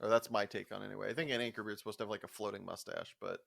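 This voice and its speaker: A young podcast co-host with a fairly low voice, vocal fry, and a racing pace tells work stories in casual conversation. He swears freely, laughs often, and acts out quotes with animation.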